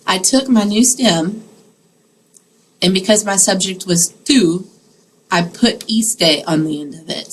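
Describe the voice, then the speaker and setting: A woman's voice: fairly low pitch, slight background noise, rough recording. A woman teaching a Spanish grammar lesson in a classroom, explaining patiently step by step and checking in with her students.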